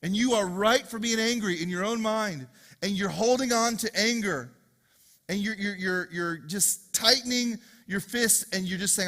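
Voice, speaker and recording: A man preaching a sermon as pastor to a congregation, swinging from loud, driving passages to hushed, repeated questions. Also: high voice, normal speed. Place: church hall with congregation.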